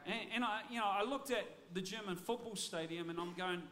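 A man preaching a sermon as a pastor, energetic and often repeating words as he restarts his phrases. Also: sits high, a little fast.

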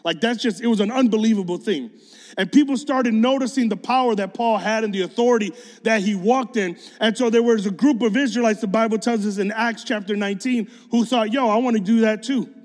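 High-voiced casual male preacher. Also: fairly quick, darkish tone. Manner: casual, slangy storytelling. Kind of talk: sermon. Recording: long hall reverb.

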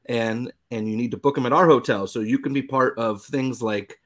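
A male podcast co-host chats casually, trading jokes and teasing banter. His voice is mid-range and a bit bright, with fairly even intonation at a normal speed.

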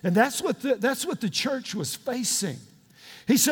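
A middle-aged man preaching a sermon in a folksy, emphatic way, breaking into sudden shouts. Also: very high-pitched, expressive, moderate pace, husky. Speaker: pastor. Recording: long hall reverb.

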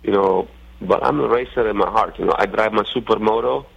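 A middle-aged man with an Italian accent, talking as a guest in a radio interview, halting and full of fillers and restarts. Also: fairly low pitch, vocal fry, breathy edge. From Italy. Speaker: racing driver guest. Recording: muffled lo-fi radio sound.

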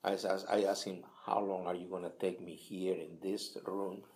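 An older man from Peru, a native Spanish speaker with a Peruvian Spanish accent, telling his life story in halting English with many restarts at a kitchen table. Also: deep voice, flat delivery, darkish tone. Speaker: interviewee. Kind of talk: casual storytelling.

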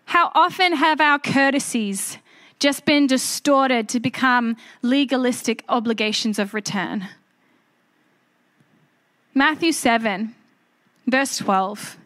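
A woman pastor preaching a sermon to her church. She talks in an animated, conversational way, with personal stories and self-deprecating asides. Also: fairly high pitch, slow, long pauses.

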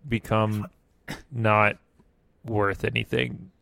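A man's voice: lowish voice, little pitch movement, extremely slow, creaky, fairly bright tone. A man in casual conversation, telling rambling stories in a laid-back way. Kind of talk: casual chat.

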